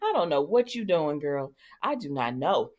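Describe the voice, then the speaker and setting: A woman with a low, slightly mellow voice talks at a normal speed in a sing-song manner, breezily recapping soap opera moments for her viewers. She's sassy and chatty, voicing the characters' lines herself.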